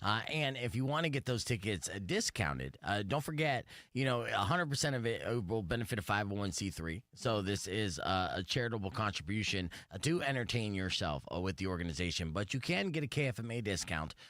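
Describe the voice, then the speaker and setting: A man's voice: fairly low pitch, expressive, a little fast, hardly any pauses, fairly bright tone, no echo, clean studio sound. Laid-back man hosting a podcast. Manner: laid-back, filler-heavy, joking. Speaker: podcast host. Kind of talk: casual interview chat.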